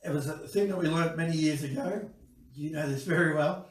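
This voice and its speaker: Animated male storyteller, roomy and distant. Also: fairly high pitch, a little fast. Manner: storytelling with acted voices and chuckles. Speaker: guest expert. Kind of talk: animated anecdote at a dinner table. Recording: roomy sound from a distant mic.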